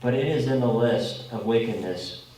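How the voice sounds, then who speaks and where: A man preaching a conversational sermon to a congregation, often checking in with a quick "okay?". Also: mid-range voice, dark tone. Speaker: pastor. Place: congregation meeting room. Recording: echoey room, from far off.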